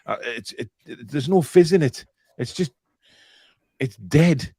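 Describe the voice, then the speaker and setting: A man's voice: medium pitch, lively intonation, measured pace, dark tone, breathy edge, dry recording, clean studio sound. A middle-aged man co-hosting a casual live stream, reading out viewer comments in a jokey, rambling way with many restarts.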